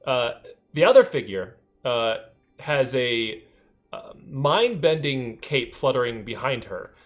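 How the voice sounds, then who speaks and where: A man's voice: medium pitch, lively intonation, slow pace. A man narrating a tabletop game as game master, hesitant and full of ums. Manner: hesitant, many ums and uhs.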